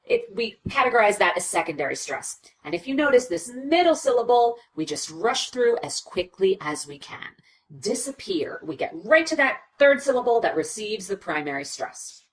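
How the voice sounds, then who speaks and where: Woman pronunciation teacher, animated and demonstrative, slightly distant mic. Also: a little high, normal speed, few pauses. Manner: lively, demonstrative, models words aloud. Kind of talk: teaching video.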